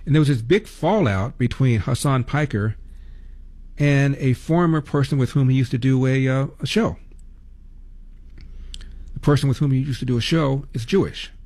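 A man's voice: mid-range voice, normal speed, long pauses, a little mellow. An older man hosting a talk radio show, delivering a sarcastic monologue full of rhetorical questions.

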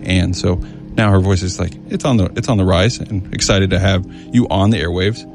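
Low gravelly monotone male radio host. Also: moderate pace, music in the background. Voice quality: monotone with a lisp. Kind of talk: casual radio chat. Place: radio studio.

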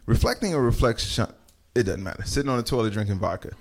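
A man's voice: mid-range voice, expressive, quick pace, very noisy. A man doing a casual stand-up set, talking straight to the audience in a loose, profane way. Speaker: stand-up comedian.

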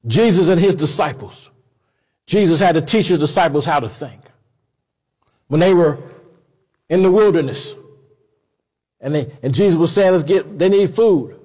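A man preaching a sermon in a conversational, animated way. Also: fairly high pitch, normal speed, long pauses, husky, big-room sound. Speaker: pastor.

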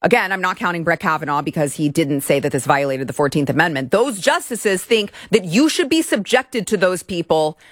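A woman's voice: lowish voice, expressive, a little fast, hardly any pauses, dry recording. Indignant woman host ranting, dry sound. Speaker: political commentary host. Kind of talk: opinion commentary monologue.

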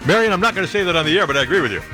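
A man's voice: sits high, lively intonation, rapid-fire, loud music behind the voice. A man hosting a talk radio show, sarcastic and rambling, laughing at his own jokes from a studio.

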